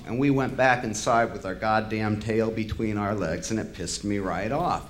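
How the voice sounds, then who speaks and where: A man's voice: lowish voice, moderate pace, hardly any pauses. A man giving an impassioned spoken-word monologue, bitter and sardonic, swearing freely and building to angry outbursts. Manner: heated, swelling to angry outbursts.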